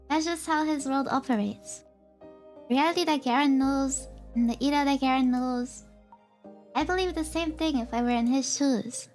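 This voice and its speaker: A young woman streamer reading a visual novel aloud in a soft, hesitant way, with filler sounds between lines. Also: sits high. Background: faint game music.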